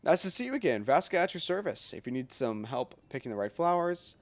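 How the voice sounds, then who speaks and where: A man's voice: fairly high pitch, big pitch swings, a little fast, pitched above the performer's own voice. A man reading the lines of a friendly, helpful flower shopkeeper in a slightly raised voice, over game music. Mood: polite.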